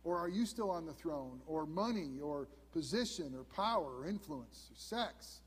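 Man in his fifties, pastor preaching, husky, slightly high voice, long church reverb. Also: expressive, normal speed. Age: 50s. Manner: earnest preaching, drops to hushed emphasis. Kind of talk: sermon. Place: church sanctuary.

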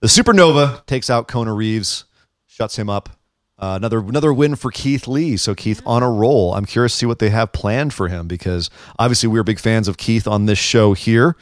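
A man's voice: on the low side, normal speed, no echo, clean studio sound. A young man co-hosting a casual wrestling podcast, recapping shows with bursts of enthusiasm. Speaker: podcast co-host. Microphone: headphones and studio mic.

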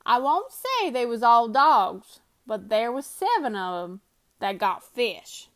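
A woman's voice: on the high side, sing-song, slow, fairly bright tone, exaggerated voice. A woman voicing an uneasy grizzled sled-dog driver with a rustic backwoods dialect.

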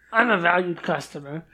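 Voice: mid-range voice, bright, forceful tone, breathy edge. A player in a tabletop game, speaking as a demanding, mock-indignant customer. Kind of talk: in-character tabletop role-play.

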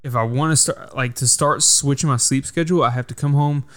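男性播客主持人，粗口连篇地讲故事. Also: male voice, medium pitch, brisk, fairly bright tone. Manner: profane, heated storytelling. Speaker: podcast host. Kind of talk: casual podcast chat.

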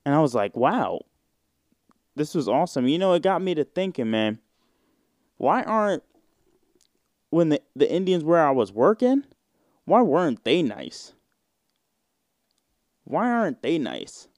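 A man's voice: on the high side, sing-song, measured pace, pauses often, a little mellow, no echo, clean studio sound. A man in his twenties hosting a casual solo podcast, rambling in slang with plenty of fillers and swearing. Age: 20s. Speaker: podcast host.

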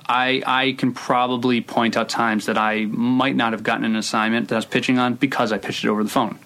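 A screenwriter in his thirties chats casually in an interview, speaking a little fast in a medium-pitched, level, fairly bright voice. He rambles, with many restarts and hedges.

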